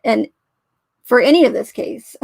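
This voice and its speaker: A woman's voice: a little high, unhurried, gravelly, darkish tone, no room sound. Skeptical woman with a dry close sound. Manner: skeptical, questioning, trails off and restarts. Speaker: true crime commentator. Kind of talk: casual spoken commentary.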